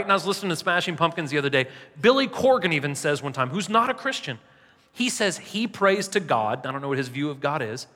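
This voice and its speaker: A man preaching a sermon as pastor, conversational and self-deprecating, often tagging his points with a quick question to the room. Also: high voice, sharp tone. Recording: long reverb in a large hall.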